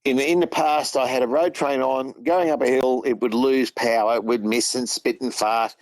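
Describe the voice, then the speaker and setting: An Australian truck driver, a regular guest, tells long rambling anecdotes in casual phone-in storytelling, retelling what others said. His medium-pitched voice is steady at a moderate pace, with no room sound and poor audio.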